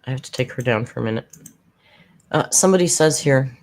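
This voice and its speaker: A casual commentary host talking through a recap at a mid-range pitch. The delivery is chatty and sarcastic, full of mocking asides. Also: lively intonation, brisk.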